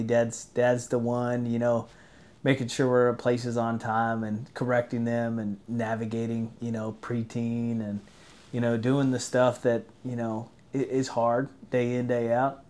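A man's voice: mid-range voice, completely flat delivery, unhurried, darkish tone. Earnest man talking about faith. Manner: earnest, faith-focused talk. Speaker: podcast guest. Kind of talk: casual chat.

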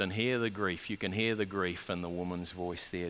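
A man preaching a sermon, swinging between loud urgent build-ups and hushed, quiet passages. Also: low voice, fairly even intonation, normal speed, few pauses, slight background noise. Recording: long reverb of a large hall.

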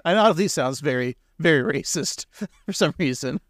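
A man's voice: on the high side, animated, normal speed, fairly bright tone, no echo, studio quality. A man co-hosting a casual podcast, rambling and joking, laughing often. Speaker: podcast co-host.

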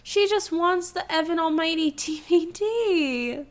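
Brief: high-pitched woman, animated and ranting, casual podcast co-host. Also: measured pace. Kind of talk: casual chat.

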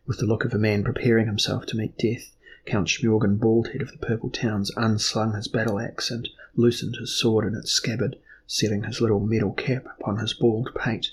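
A man narrating a fantasy novel as an audiobook in a measured, even storytelling manner. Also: lowish voice, a little hiss or hum.

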